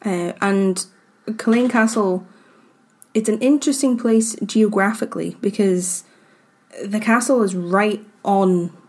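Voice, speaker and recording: A woman's voice: medium pitch, slow pace, a little mellow, breathy edge. A woman co-hosting a podcast, chatting casually and laughing easily as she reads from her notes. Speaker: podcast co-host presenting the story. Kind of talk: casual chat.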